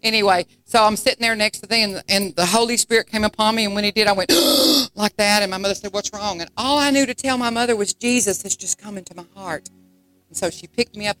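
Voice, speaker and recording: A middle-aged woman, from Texas, telling her testimony in a sermon with shouts of praise. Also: medium pitch, low-quality recording. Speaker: preacher giving testimony.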